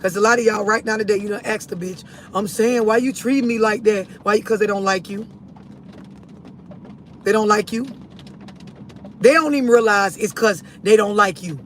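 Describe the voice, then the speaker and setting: High-voiced man preaching a blunt rant. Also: moderate pace, long pauses, a bit bright, a little hiss or hum. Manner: blunt, profane, preachy, addresses viewers directly. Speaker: livestream host. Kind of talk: ranting livestream monologue.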